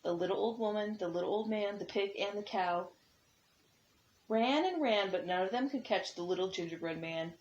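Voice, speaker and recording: A woman preschool teacher reading storybooks aloud to young children gently, with small slips, on a dull lo-fi recording. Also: medium pitch, moderate pace, a little hiss or hum.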